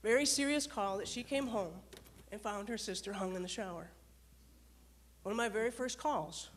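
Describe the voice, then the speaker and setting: A woman giving a motivational talk to an audience and telling a story from her dispatcher days in a lively way. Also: mid-range voice, moderate pace, slight background noise. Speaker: speaker, former dispatcher and leadership coach.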